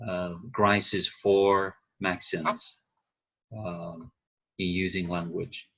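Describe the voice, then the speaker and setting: A man whose first language is Chinese, teaching a class over a video call and explaining slowly with frequent pauses and fillers. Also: deep voice, flat delivery, fairly bright tone, lo-fi sound. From China. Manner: slow, hesitant, thinking aloud with fillers. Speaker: instructor.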